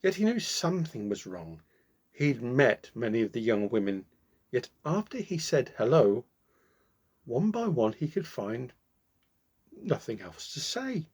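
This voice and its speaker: A man reading a fairy tale aloud, with slow, expressive pacing and dramatic pauses. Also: mid-range voice, breathy edge. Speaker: storyteller.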